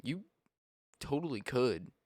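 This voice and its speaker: A man co-hosting a casual podcast, talking in animated, profane banter and laughing often. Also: medium pitch, takes it slowly, slightly rough, no room sound, studio quality. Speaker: podcast co-host. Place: home basement studio.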